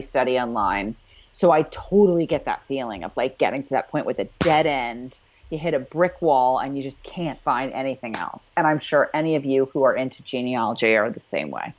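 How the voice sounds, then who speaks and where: A woman co-hosting a casual recap chat, animated and acting out characters in playful voices. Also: extremely low pitch, fairly quick, dull audio. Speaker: podcast co-host.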